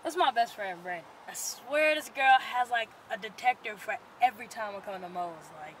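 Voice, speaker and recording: A woman's voice: a little high, animated, moderate pace, close to an everyday voice. An actress playing a driven, independent young woman who is blunt and bossy toward her cousin. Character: driven young woman, strict big-sister type. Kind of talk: indie film acting. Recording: ambient vehicle noise.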